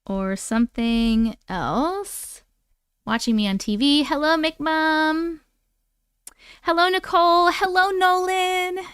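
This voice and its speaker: At home, a woman hosts a live stream, chatting casually and greeting viewers by name as she catches up on chat. Her high voice is slow and fairly bright. The audio is studio quality, with no room sound.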